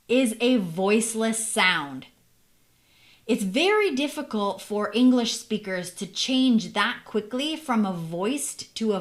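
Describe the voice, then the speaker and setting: Slow, careful woman teaching pronunciation. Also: medium pitch. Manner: clear, careful, deliberate modeling of sounds; asks the learner questions. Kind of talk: recorded teaching lesson.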